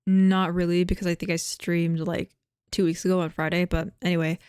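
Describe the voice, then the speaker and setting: A woman's voice: on the low side, little pitch movement, fairly quick, darkish tone, smooth, dry recording, clean studio sound. A young adult woman VTuber chatting casually to her viewers, rambling with many fillers and restarts while chewing gum. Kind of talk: casual chat to camera.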